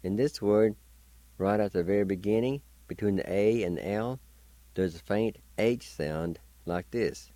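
Slow, patient man teaching pronunciation. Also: lowish voice, dark tone, no room sound. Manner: patient, spells letters and repeats syllables slowly. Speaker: language teacher and radio host. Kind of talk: slow word-by-word pronunciation lesson.

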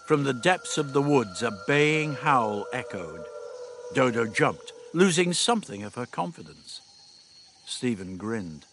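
A man's voice: mid-range voice, big pitch swings, a little slow, a bit bright, slight background noise. A man reading a story aloud as an audiobook narrator. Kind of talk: scripted narration.

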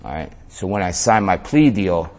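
A man's voice: deep voice, animated, moderate pace, a little mellow. A man telling a story in an interview in a casual way, full of slang, swearing and "man". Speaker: interview guest.

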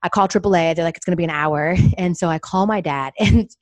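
A young woman from Atlanta, a sports TV anchor telling family stories as a podcast guest, animated and quick to imitate her dad's voice. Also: no echo. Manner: animated, acts out her dad's voice with big pitch jumps. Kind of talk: casual storytelling chat.

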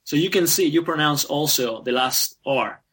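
A man's voice: fairly high pitch, moderate pace, fairly bright tone, husky. A Spanish-speaking man with American-trained English, chatting as an interview guest, talking in loose restarts and fillers. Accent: American-trained English over a Spanish background. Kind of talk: casual interview.

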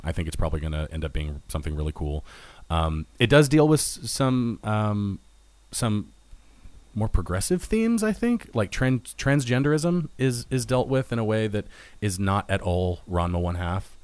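A man's voice: sits low, no echo. A man co-hosting a casual podcast, rambling and hesitant, with a jokey manner. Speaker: podcast co-host. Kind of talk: casual chat.

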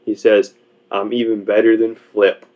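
A man's voice: fairly low pitch, completely flat delivery, a little slow. A man co-hosting a podcast in crude, joking casual banter, swearing freely. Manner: profane, joking, acts out voices in quotes. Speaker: podcast co-host. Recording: dull lo-fi sound.

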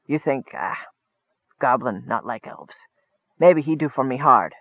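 A man's voice: medium pitch, lively intonation, measured pace, husky, dry recording. A man voicing a sly male goblin who speaks in broken, knowing sentences, heard over a tinny phone-like line.

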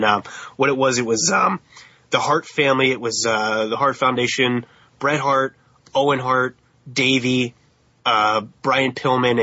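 Bright husky-voiced man telling stories. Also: medium pitch, dry recording, lo-fi sound. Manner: animated storytelling, mimics voices with laughs. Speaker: podcast co-host. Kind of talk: casual podcast chat.

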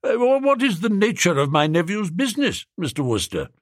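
A man's voice: sits high, huge pitch swings, fairly quick, no echo, studio quality, pitched above the performer's own voice, full character voice. A man voicing a grumbling, stingy old English duke who complains about prices. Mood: aghast.

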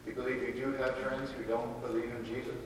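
A pastor talks to children at the front of a church, relaxed and chatty, asking them questions as he goes. He is far from the microphone, so the voice comes through a roomy, long-ringing echo with clear background noise. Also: medium pitch, a little fast. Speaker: pastor giving a children's message. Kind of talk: casual children's sermon. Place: church sanctuary.

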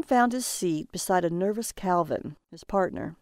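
A woman narrating a dark story in a slow, expressive reading voice. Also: fairly low pitch, dry recording, studio quality.

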